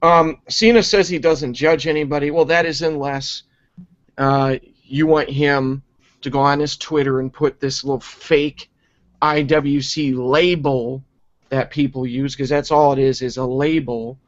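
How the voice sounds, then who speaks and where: A man reviewing wrestling in a profane, exasperated rant, sarcastic and quick to mock. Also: on the high side. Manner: sarcastic and exasperated, heavy swearing. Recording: dull lo-fi recording.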